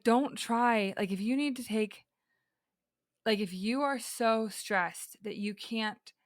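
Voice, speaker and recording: A woman's voice: medium pitch, no echo, clean studio sound. A young woman talking earnestly and reflectively in a casual podcast conversation, with frequent fillers and restarts.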